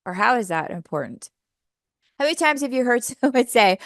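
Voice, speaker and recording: A woman's voice: fairly high pitch, lively intonation, brisk, fairly bright tone, dry recording. Woman workshop presenter, upbeat coaching manner, dry close sound. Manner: upbeat, coaching, asks the audience questions. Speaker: teacher trainer.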